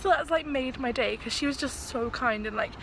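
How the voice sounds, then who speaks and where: An English travel vlogger walks through a windy town, chatting to camera and laughing often as she tells stories. Her voice sits high and moves fairly quickly, and the low-quality outdoor camera mic picks up wind noise.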